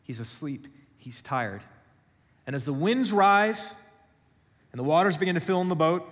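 A man's voice: on the high side, lively intonation, moderate pace, pauses often. Man preaching in a reverberant church. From United States. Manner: dramatic shifts from hushed to loud, conversational and humorous. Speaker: pastor. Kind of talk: sermon.

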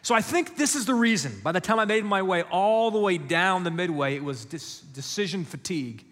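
A man preaching a sermon, telling stories and acting out voices, then dropping low and quiet for key points. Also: expressive, a little fast. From West Africa. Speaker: pastor. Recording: long hall reverb.

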